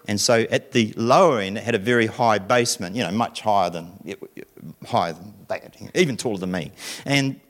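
Here a middle-aged man with a fairly low voice preaches at a normal speed. His sermon feels like a conversation, full of animated stories, acted-out voices, and questions for the audience.

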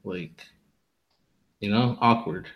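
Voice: low voice, slow, low-quality recording. A co-host chiming in with short, laid-back remarks in a casual chat.

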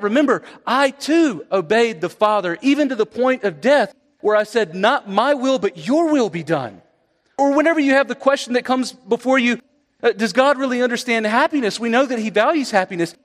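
A man's voice: a little high, long reverb tail. A man preaching a sermon in an earnest style, asking many rhetorical questions. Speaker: pastor.

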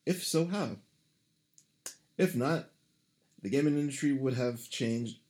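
A man's voice: medium pitch, slow, darkish tone. A man co-hosting a casual podcast, reading a listener's email aloud in a dry, joking way. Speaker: podcast co-host.

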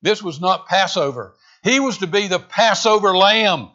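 A man preaching a sermon, swinging between loud, emphatic lines and hushed, intense ones. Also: high voice, expressive, measured pace, few pauses, highs cut off. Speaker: pastor.

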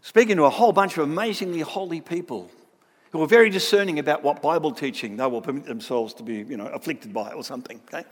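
An academic man gives a lively Bible lecture and keeps checking in with tag questions. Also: a little high, fast talker, breathy edge, long reverb tail. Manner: animated, with frequent tag questions.

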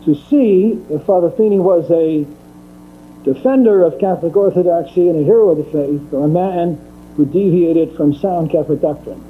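A man giving a methodical theology lecture, repeating his key points for emphasis. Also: high voice. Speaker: Catholic lecturer. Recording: tinny phone-like recording with mains hum.

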